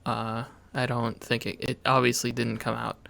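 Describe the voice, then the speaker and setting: Gravelly laid-back man co-hosting a podcast. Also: medium pitch, level tone, moderate pace, bright, forceful tone. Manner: laid-back and wry, with hesitant fillers. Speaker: co-host. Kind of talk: casual video game podcast chat.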